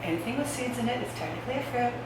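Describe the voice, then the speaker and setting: A woman's voice: fairly high pitch, animated, very fast, very noisy. A woman hosting a casual home cooking demonstration, chatting to viewers as she chops vegetables. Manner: chatty, talks to viewers while chopping. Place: home kitchen. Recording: very echoey kitchen, far from mic, dish clatter.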